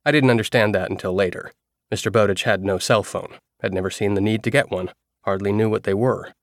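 A man reading a novel aloud as a first-person narrator, in a steady storytelling manner. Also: lowish voice, fairly quick, no room sound, studio quality. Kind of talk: audiobook narration.

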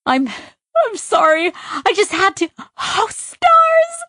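A woman's voice: medium pitch, sing-song, unhurried, dry recording, studio quality. A woman voicing a gleeful, playful young female AI in an artificial body. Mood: laughing.

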